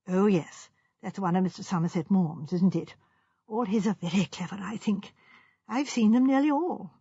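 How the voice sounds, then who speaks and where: A woman voicing a gentle, genteel old village spinster who speaks softly and mildly. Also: mid-range voice, moderate pace, vocal fry, husky, no echo. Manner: soft, genteel, mild. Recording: dull lo-fi recording.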